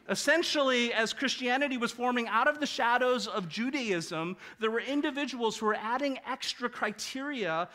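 High-voiced male preacher, emphatic. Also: animated, normal speed, sharp tone. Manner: emphatic, rhetorical questions. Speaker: pastor. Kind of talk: sermon.

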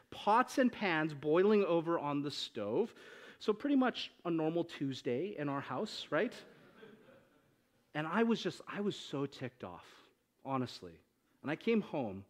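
Pastor guy preaching, high voice that jumps all over, jokey, keeps asking the crowd stuff. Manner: animated, jokey preaching, asks the crowd questions. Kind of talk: sermon.

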